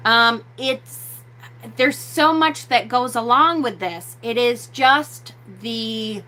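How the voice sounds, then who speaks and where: Woman host, live-stream teacher; slow deliberate delivery, bright tone, repeats herself. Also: a little high. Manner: slow, drawn-out, repeats key words. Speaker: host of a witchcraft channel.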